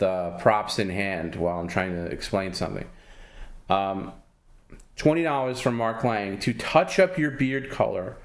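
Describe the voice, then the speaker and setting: A man hosting a livestream who talks in a dry, needling way and explains things patiently. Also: medium pitch. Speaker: host. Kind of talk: livestream banter.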